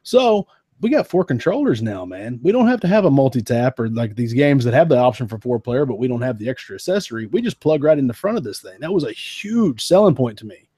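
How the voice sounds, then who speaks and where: Medium-pitched with a breathy edge, this man speaks a little fast in a dry, clean studio recording. He co-hosts a podcast and casually gushes about retro game consoles; he was a teenager in the late 1990s and keeps saying "man" and "dude" with animated enthusiasm.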